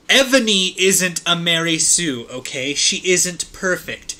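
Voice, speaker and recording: A man's voice: sits high, lively intonation, unhurried, hardly any pauses, bright, forceful tone. A man hosting a comedic read-aloud with friends, laughing often and stumbling over the text. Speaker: host reading a fanfiction aloud.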